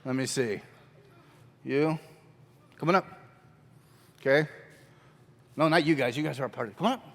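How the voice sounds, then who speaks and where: A man leading a church skit class, coaxing volunteers in a lively way and laughing often. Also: mid-range voice, normal speed, big-room sound. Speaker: drama workshop teacher. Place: church hall.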